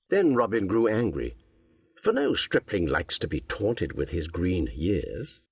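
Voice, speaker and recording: A man narrating a classic adventure audiobook in a measured, lilting storytelling manner. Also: low voice, very animated, creaky, slightly rough. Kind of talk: scripted narration.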